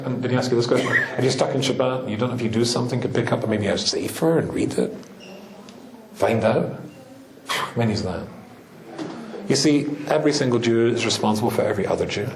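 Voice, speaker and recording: A rabbi with a Scottish accent giving a talk to a live audience, joking, teasing them and laughing often. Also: male voice, medium pitch, roomy sound.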